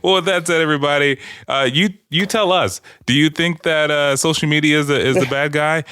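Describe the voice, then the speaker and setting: A bright, crisp male voice with a dry, close sound, hosting a loose podcast among friends. He teases and jokes constantly, breaking into laughter and cursing casually. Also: on the high side, steady tone, a little fast, no echo. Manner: joking, laughs often, profane. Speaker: podcast host.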